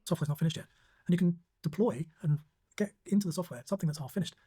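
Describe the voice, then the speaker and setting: A speaker in a played clip giving brisk, matter-of-fact advice. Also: medium pitch, warm tone, a little hiss or hum.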